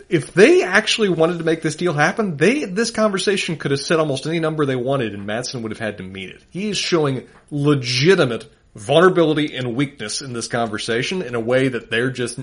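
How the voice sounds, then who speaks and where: A man's voice: a little high, fairly bright tone. A man co-hosting a podcast, breaking down the characters' moves in a thoughtful, analytical way. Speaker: podcast co-host. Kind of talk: casual analytical chat.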